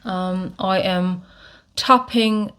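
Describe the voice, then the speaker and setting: Slow-talking woman demoing makeup. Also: mid-range voice, fairly bright tone. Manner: unhurried, many fillers and restarts while demonstrating. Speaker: beauty vlogger. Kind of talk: casual makeup tutorial.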